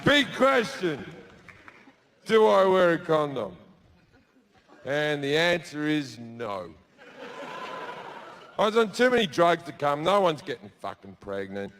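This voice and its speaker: A man telling a crude story as a stand-up comedian on a theatre stage, with deadpan asides and shouted put-on voices. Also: a little high, slight background noise. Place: theatre stage before a laughing audience.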